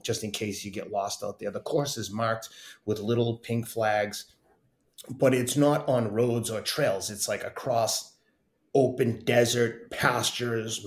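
Middle-aged male guest, lively storyteller, mid-pitched, roomy echo. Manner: animated, laughing, acts out quotes. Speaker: podcast guest, runner. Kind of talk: casual storytelling interview.

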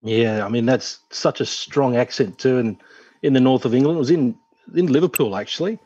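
A man, a former cricketer, telling lively anecdotes in a casual chat, laughing as he goes. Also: mid-range voice, fairly quick, breathy edge, no echo, muffled recording. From Australia. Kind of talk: casual storytelling.

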